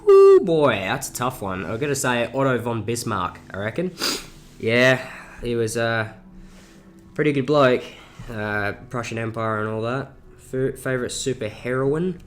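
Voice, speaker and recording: A man's voice: mid-range voice, a little slow, fairly bright tone. Seventeen-year-old South Australian guy. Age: teens. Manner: rambling, lots of "uh" and swearing. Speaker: YouTuber. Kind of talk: casual Q&A vlog.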